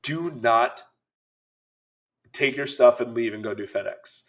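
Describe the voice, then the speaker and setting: A middle-aged man co-hosting a podcast, telling an animated, laughing story in casual chat. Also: medium pitch, unhurried. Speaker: podcast co-host.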